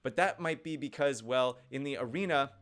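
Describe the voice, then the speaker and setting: A man's voice: medium pitch, moderate pace, fairly bright tone. A young man casually commenting on his game live, thinking aloud and reading viewer chat. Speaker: gaming livestreamer.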